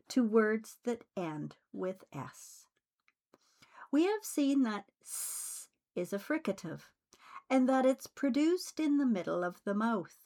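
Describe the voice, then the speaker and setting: Woman pronunciation teacher, very slow and precise, mid-pitched, scripted lesson delivery. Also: a little mellow. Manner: deliberate, carefully enunciated delivery.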